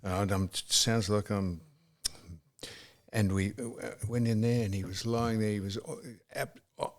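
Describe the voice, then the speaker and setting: A man hosting a casual podcast chat, reflective and halting with fillers. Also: lowish voice, steady tone. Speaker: podcast host.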